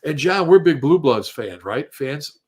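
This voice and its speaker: A man's voice: on the high side, unhurried. A man, a retired fire chief, telling blunt, salty stories on a casual panel and acting out the voices of the people he quotes. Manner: animated storyteller who acts out quoted voices.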